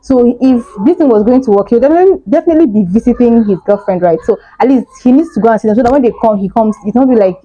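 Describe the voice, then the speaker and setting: A young Nigerian woman vlogger telling a personal story in an animated way, laughing often. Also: a little high, brisk, no room sound, highs cut off. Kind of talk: storytime vlog.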